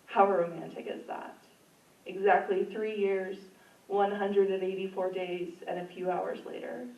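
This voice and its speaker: A woman reading her own poems at an open mic in a library community room, in an earnest, emotional voice. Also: medium pitch. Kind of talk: poetry reading. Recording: roomy, distant, dull room sound.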